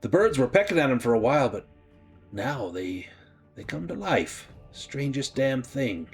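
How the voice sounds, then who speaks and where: A folksy, easygoing graveyard keeper, voiced by a man running a tabletop game. He rambles along in a plain mid-pitched voice with rustic turns of phrase. There is a chuckle never far from his words. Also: big pitch swings, measured pace, soft background music. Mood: rambling.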